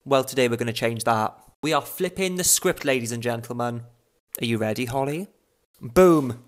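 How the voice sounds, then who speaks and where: Young man, video message, theatrical, teasing, mid pitch. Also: moderate pace. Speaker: guest giving a challenge. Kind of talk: playful recorded video message.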